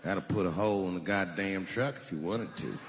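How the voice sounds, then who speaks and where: A man voicing a laid-back rural gun shop clerk who talks in a slow, lower drawl. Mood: deadpan. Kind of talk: stand-up comedy. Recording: reverberant hall with faint noise.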